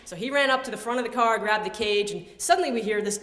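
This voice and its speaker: A woman's voice: mid-range voice, animated, quick pace, hardly any pauses, fairly bright tone. A woman in her thirties telling a personal story live on stage, playful and self-amused, slipping into voices for the people in it. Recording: echoey hall.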